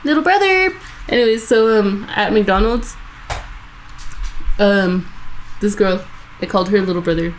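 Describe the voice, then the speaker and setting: A woman's voice: mid-range voice, flat delivery, a little slow, long pauses, a little hiss or hum, low-quality recording. A woman co-hosting a casual podcast, telling rambling, profane work stories and laughing at her own punchlines. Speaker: podcast co-host. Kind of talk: casual chat.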